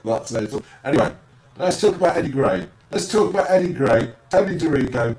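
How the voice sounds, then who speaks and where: A man's voice: fairly high pitch, expressive, brisk, a little mellow, echoey room, slight background noise, rough recording. A man hosting a casual football podcast, teasing his co-host with dry asides.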